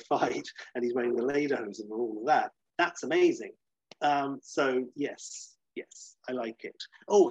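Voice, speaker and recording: A man's voice: husky, no echo, highs cut off. A man chatting casually as a podcast co-host, reviewing films and acting out quotes in silly voices. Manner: animated, acts out quotes in high silly voices. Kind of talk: casual film review chat.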